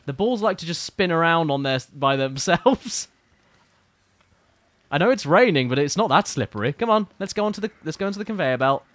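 A man's voice: on the high side, animated, normal speed, fairly bright tone, no room sound. A man giving casual, playful, teasing commentary while streaming a video game.

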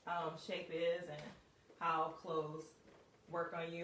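A woman's voice: on the low side, level tone, slow pace, fairly bright tone. A woman coaching viewers on putting outfits together in a casual live video, chatty and full of laughs and ums. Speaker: style coach. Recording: roomy, distant, faint hiss.

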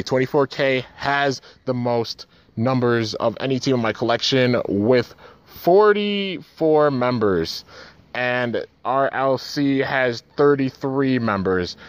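A man giving casual, excitable play-by-play of his own toy battles outdoors, with his voice jumping up at big moments. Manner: excitable, says man and dude a lot, pitch jumps at big moments. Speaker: toy battle channel host. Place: outdoors, flies around.

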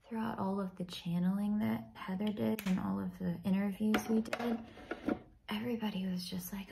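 A woman's voice: medium pitch, normal speed, creaky, background noise. A young woman casually telling a ghost story while doing her makeup, often dropping to a whisper. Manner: chatty, often drops to a whisper.

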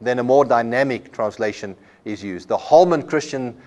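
A man's voice: mid-range voice, normal speed, darkish tone. A man giving a classroom lecture at a Bible college, explaining with everyday examples and often repeating a word as he restarts. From South Africa.

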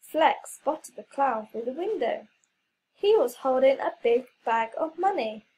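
A woman reading a children's story aloud, clear and expressive. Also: sits high, unhurried, low-quality recording.

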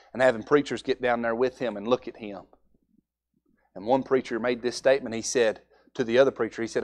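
A young man preaching a Sunday evening sermon in a folksy way, acting out altar conversations. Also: medium pitch.

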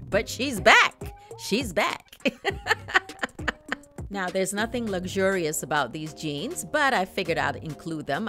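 Chatty middle-aged woman, low voice. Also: a bit bright. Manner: chatty, laughs often, talks straight to viewers. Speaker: fashion haul vlogger. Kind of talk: casual chat to camera.

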